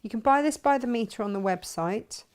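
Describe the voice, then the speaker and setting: A woman's voice: on the high side, lively intonation, brisk, clear, resonant tone. A woman chatting casually through a sewing tutorial as she works, self-mocking and talkative. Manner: chatty, self-mocking, talks while working. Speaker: sewing vlogger and shop owner.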